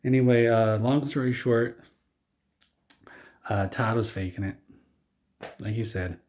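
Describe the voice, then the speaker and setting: Rambling deadpan male storyteller. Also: mid-range voice, a little slow. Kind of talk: absurd comedic story.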